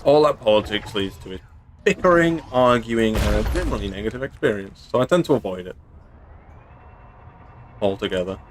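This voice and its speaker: A man's voice: lowish voice, animated, brisk, pauses often, noisy background. A man from England casually chatting through a game stream, playful and chatty, throwing in silly sound effects. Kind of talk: casual gameplay commentary.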